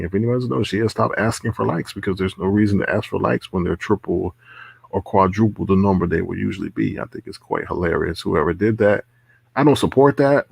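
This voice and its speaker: Gravelly, husky man chatting live. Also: on the low side, dry recording. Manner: laughs often, repeats phrases. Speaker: livestream host. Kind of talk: casual live commentary reading chat.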